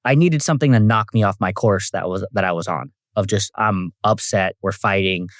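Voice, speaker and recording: A young man appearing as a guest on a podcast, speaking thoughtfully and haltingly with lots of fillers. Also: lowish voice, no room sound, clean studio sound. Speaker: podcast guest, host's husband. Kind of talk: casual chat.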